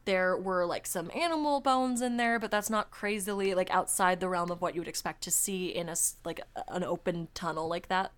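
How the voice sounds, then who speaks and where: A woman hosting a casual podcast, chatting quickly with plenty of "like" fillers and reading articles aloud. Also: lowish voice, fairly bright tone. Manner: chatty, fast, full of "like" fillers and laughs. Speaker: podcast host.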